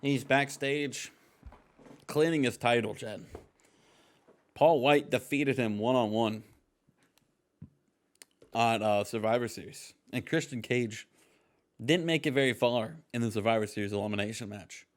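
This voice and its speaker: A man's voice: medium pitch, measured pace, long pauses. A man co-hosting a wrestling podcast, joking, teasing his partner and recapping matches in casual chat. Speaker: podcast co-host.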